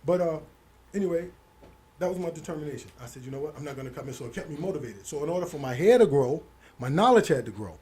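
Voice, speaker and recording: Middle-aged New man, higher voice. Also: animated, fast, dark tone. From Hollis, Queens, New York. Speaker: interview guest. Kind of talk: casual storytelling interview.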